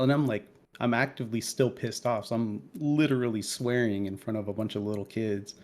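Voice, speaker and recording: His lowish voice moves briskly with hardly any pauses as this podcast co-host, a man in his thirties, tells a story. The conversation is casual, and he's animated and foul-mouthed, throwing in heated asides.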